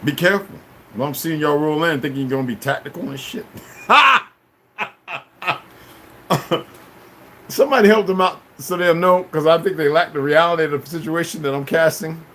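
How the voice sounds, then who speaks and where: A man ranting on a livestream at his chat, confrontational and full of cursing, swinging between shouting and low muttering. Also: normal speed, long pauses, slight background noise. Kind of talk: profane livestream rant.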